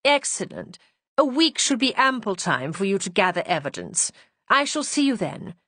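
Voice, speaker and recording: A woman's voice: mid-range voice, big pitch swings, normal speed, fairly bright tone, dry recording. Formal, earnest society matron, read by a woman narrator in a storybook voice.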